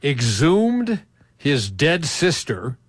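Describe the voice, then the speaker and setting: Lively, higher-voiced male radio host. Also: very slow, slightly rough, dry recording. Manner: laughing, stumbling over words while reading stories. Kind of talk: casual morning radio banter.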